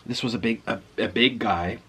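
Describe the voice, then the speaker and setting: A man's voice: fairly low pitch, normal speed, bright, forceful tone, husky. A man telling a personal story in a vlog, acting out the other people's lines as he goes. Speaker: vlogger.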